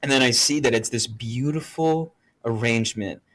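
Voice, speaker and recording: A young man co-hosting a podcast, telling a story in casual chat with lots of swearing and animated bursts. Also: medium pitch, fast. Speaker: podcast co-host.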